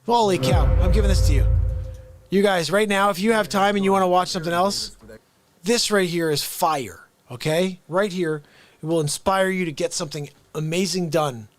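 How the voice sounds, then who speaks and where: A man hosting a casual live stream who talks straight to his viewers, excitable and upbeat, jumping from loud bursts to quiet asides. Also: sits high, moderate pace, soft background music. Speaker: livestream host.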